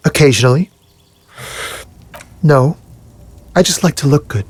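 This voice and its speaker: A husky, evasive young man in a video game, keeps dodging questions. His voice sits at an everyday pitch with a breathy edge, nervous and eager to get away. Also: animated, a little slow, a little mellow. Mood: impatient. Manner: nervous, evasive, wants to leave.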